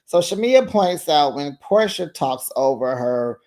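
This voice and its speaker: Sassy man with a higher voice. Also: measured pace. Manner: sassy, animated, slangy gossip delivery. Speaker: reality TV recap host. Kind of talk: casual recap commentary.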